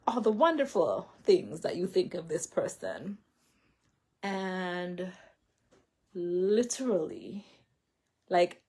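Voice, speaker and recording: A woman's voice: medium pitch, a little mellow, slightly rough. A woman seated indoors, talking to a camera in a rambling, casual way, full of filler words and self-corrections as she shares a personal faith story. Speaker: vlogger sharing a faith and healing story. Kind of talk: casual spoken testimony.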